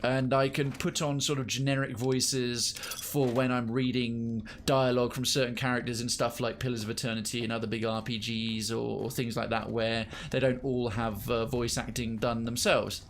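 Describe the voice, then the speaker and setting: A young British man talks over his gameplay in an easy, mid-pitched voice. He wanders from topic to topic and answers his viewers as he goes. A faint hum of ambience sits under the voice. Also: flat delivery, normal speed, hardly any pauses. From United Kingdom. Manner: rambling, digressive, chatty with chat. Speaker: game streamer. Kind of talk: casual gaming commentary.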